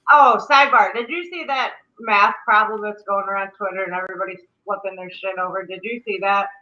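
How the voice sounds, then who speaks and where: A middle-aged woman hosting a casual live stream, chatty and quick to laugh. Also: mid-range voice. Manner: laughs often, chatty and animated. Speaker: livestream host. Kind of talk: casual chat. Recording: dull lo-fi stream audio.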